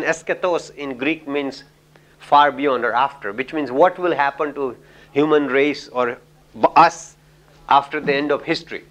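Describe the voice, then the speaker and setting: A man's voice: medium pitch, fairly bright tone. A man with an Indian English accent giving a lecture, telling anecdotes in a chatty way, full of "you know" and little chuckles.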